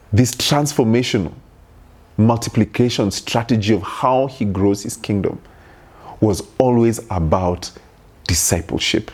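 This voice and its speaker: A man's voice: fairly low pitch, a little mellow, slightly rough. A man preaching a sermon in an earnest tone, building through repeated rhetorical questions. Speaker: pastor.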